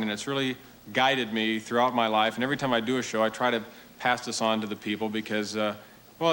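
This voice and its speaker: A man doing a stand-up routine on a TV stage, telling his story in a deadpan, mock-earnest way to a live audience. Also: mid-range voice. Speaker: stand-up comedian. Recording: TV studio with audience laughter and noise.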